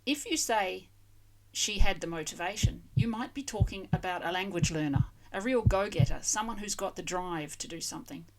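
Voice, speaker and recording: A woman's voice: medium pitch, expressive, a little fast, hardly any pauses, background noise. A woman hosting a language-learning channel, giving a scripted vocabulary lesson and carefully spelling out foreign words.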